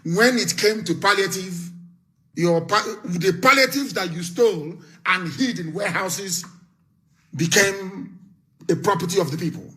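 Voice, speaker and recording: Fiery Nigerian man with a bright voice. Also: high-pitched, a little slow. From southeastern Nigeria. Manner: threatening, repetitive, lecturing, with sudden shouts. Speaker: live radio broadcaster. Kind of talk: fiery political broadcast.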